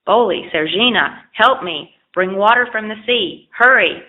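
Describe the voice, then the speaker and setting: Woman doing an old fisherman guy, soft and pleading, gravelly, tinny lo-fi audio. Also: lowish voice, normal speed, natural voice. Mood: panicked. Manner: gentle, pleading storybook voice. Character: old male fisherman, kind, patient. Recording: lo-fi phone-like audio.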